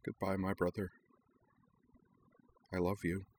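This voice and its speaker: Man voicing a quiet, tender young woman. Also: low-pitched, monotone, slow, slight background noise. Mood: tearful. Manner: quiet and gentle.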